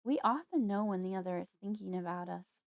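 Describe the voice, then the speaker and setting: A woman voicing a gentle, protective uncle, speaking in a calm, soothing and measured way. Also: mid-range voice, creaky, no room sound, clean studio sound, lightly acted.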